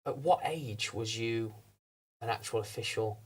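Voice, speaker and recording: A man's voice: medium pitch, unhurried, slightly rough. A man hosting a casual interview podcast, asking long, rambling questions and affirming constantly. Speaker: podcast host.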